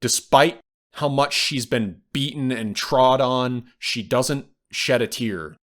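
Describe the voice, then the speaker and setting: A man's voice: mid-range voice, slow, a bit bright. A man co-hosting a podcast, casually retelling film scenes and acting out the quoted lines. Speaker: podcast co-host. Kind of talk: casual film review chat.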